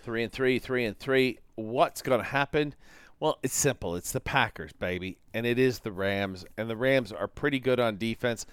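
A man's voice: medium pitch, moderate pace, smooth, no room sound. A man co-hosting a casual sports talk show, teasing his partner and making picks with wisecracks. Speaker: co-host.

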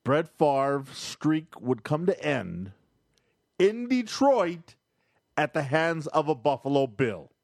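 A man co-hosting a casual sports talk show, chiming in with stats and quick remarks. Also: fairly high pitch, very animated, creaky, no echo, clean studio sound.

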